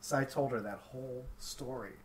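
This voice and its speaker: A man from the Pittsburgh area, casually telling a long story on a podcast, animated and swearing freely. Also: medium pitch, normal speed, distant mic, a little hiss or hum. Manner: animated, swears freely, acts out quotes in raised voices.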